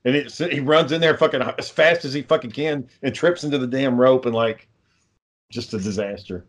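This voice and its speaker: A man's voice: medium pitch, moderate pace. A man in casual banter with friends, blunt and laid-back, swearing heavily while planning an amateur wrestling film.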